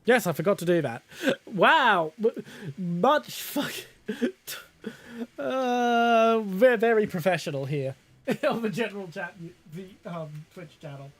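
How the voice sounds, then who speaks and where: Giggly high-voiced male streamer. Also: expressive, a little slow, no room sound. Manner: giggly and chatty, swears casually. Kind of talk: casual live-stream chat.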